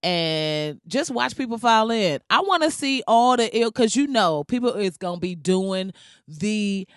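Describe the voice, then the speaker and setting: Animated, slangy podcast host, dry sound. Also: medium pitch, a little slow, clear, resonant tone, no echo. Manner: animated, slangy, profane storytelling with frequent laughs. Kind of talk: casual comedic podcast chat.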